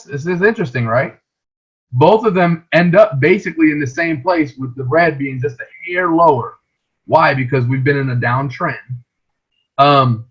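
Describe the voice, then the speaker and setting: A man's voice: on the high side, a bit bright, slightly rough, lo-fi sound. A man teaching a trading lesson over a shared screen, explaining patiently and often checking in with "right?".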